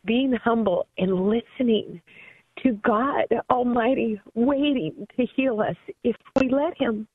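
A woman's voice: on the high side, takes it slowly, slightly rough, no room sound. A woman in her fifties calling in to a radio show, telling a personal story in an earnest, emotional way over a phone line. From Southern California. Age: 50s. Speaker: caller. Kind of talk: call-in radio testimony.

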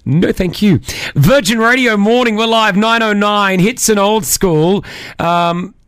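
A man's voice: sits high, fairly bright tone, smooth, dry recording. A man hosting a radio breakfast show in a studio, bantering and teasing his co-hosts in casual chat. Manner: joking, quick to tease. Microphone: studio microphone.

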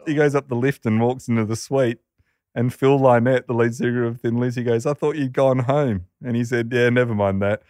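A man's voice: mid-range voice, steady tone, fairly quick, a little mellow, no room sound, clean studio sound. An Australian man telling a rowdy anecdote in casual chat, laughing often and acting out the voices of the people in it. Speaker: podcast storyteller.

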